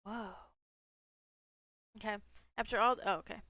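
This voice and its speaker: A woman's voice: mid-range voice, steady tone, a little slow, sharp tone, no room sound, low-quality recording. A woman gaming streamer reading a text game aloud, breaking off into casual asides, swearing freely and laughing at herself.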